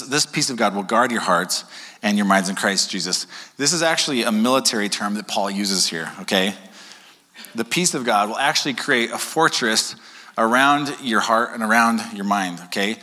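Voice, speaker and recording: A male pastor preaches to his congregation in a conversational, animated style, frequently checking in with "okay?" and joking with the crowd. His voice is mid-range at a normal speed, carried by long hall reverb.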